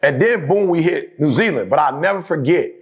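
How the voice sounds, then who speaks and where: Animated, gravelly-voiced middle-aged man. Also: fairly high pitch, brisk. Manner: emphatic, repeats phrases, keeps asking "you know what I'm saying". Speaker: guest speaker. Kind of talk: casual podcast conversation.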